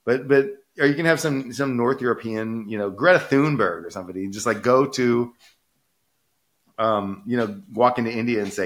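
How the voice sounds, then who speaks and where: A man's voice: medium pitch, normal speed. A man co-hosting a casual podcast discussion, arguing animatedly and often checking in with "right?". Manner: animated, rhetorical, keeps asking "right?". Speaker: podcast co-host.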